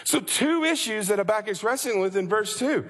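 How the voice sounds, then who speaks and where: A man delivers a fervent sermon in a high voice that rises and falls dramatically. He keeps pressing his listeners with rhetorical questions. His words ring out with the long reverb of a large hall. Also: animated, moderate pace, a bit bright. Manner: impassioned, preaching in rhetorical questions. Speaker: pastor.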